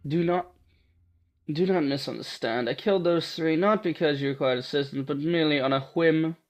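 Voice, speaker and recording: A man's voice: on the high side, moderate pace, close to an everyday voice. A man voicing a haughty female warrior with a sword, using a put-on British accent in a clipped, aloof way. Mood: cold.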